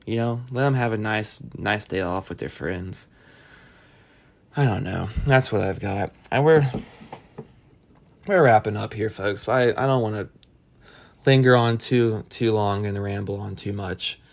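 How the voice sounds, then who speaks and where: A man's voice: on the low side, measured pace, vocal fry, pauses often. Male solo podcast host, casual ranting delivery, rambling and profane, wry.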